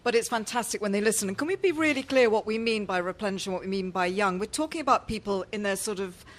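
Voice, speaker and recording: A woman's voice: mid-range voice, fast. Middle-aged woman executive, earnest. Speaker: radio network executive. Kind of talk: studio interview.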